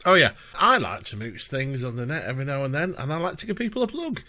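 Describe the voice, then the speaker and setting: A man's voice: medium pitch, sing-song, fast talker, sharp tone. A man hosting a casual reaction video, chatty, rambling and playful. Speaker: reaction channel host.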